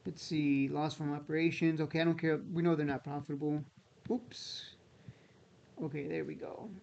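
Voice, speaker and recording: A man with a slightly high, strained voice talks in a loose, conversational way, often repeating himself and pushing back with skeptical asides. The recording sounds dull and lo-fi. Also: fairly even intonation, normal speed, gravelly, a little mellow. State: voice strained, near losing it. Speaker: stock market YouTuber. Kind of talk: casual commentary.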